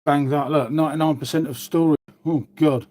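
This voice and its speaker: A man's voice: on the high side, steady tone, a little fast, a little mellow. A man chatting casually on a live stream, rambling and swearing now and then. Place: outdoors.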